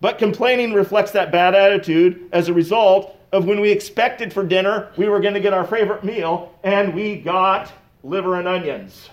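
A man's voice: high-pitched, normal speed, hardly any pauses. A middle-aged male pastor giving a conversational sermon with casual asides and light chuckles.

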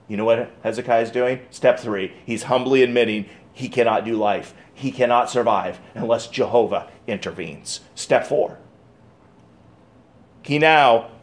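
A male pastor preaching a sermon, swinging from loud emphasis to hushed tones and reading scripture aloud. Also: mid-range voice. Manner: reads scripture aloud in King James wording.

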